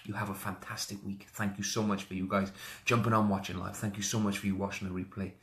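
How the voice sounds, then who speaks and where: A man's voice: fairly low pitch, flat delivery, quick pace, a bit bright. A man, talking energetically in a live video as a motivational coach and greeting viewers by name. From Wales. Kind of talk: live social media video.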